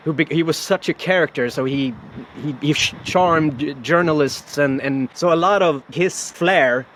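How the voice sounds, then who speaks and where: A man's voice: fairly high pitch, moderate pace, slight background noise. A man, a voice actor, telling stories in a casual interview over a video call, with lots of restarts and laughter. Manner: animated storyteller, many restarts and laughs. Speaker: voice actor guest.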